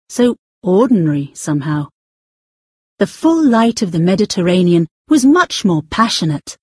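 A woman reading a novel aloud as narrator, expressive and slowing down to stretch out key words. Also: medium pitch, breathy edge, dry recording, clean studio sound. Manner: expressive, with drawn-out emphasis. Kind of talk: scripted audiobook narration.

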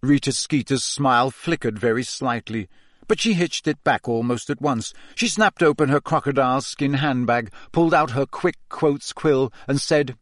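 A man narrating a storybook in an expressive, dramatic reading style. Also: medium pitch, normal speed, no room sound, studio quality. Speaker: audiobook reader.

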